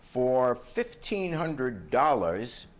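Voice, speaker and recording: A man's voice: mid-range voice, sing-song. Older male TV judge, blunt and joking. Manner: blunt, joking, brisk rulings. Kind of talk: courtroom TV show. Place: TV courtroom set.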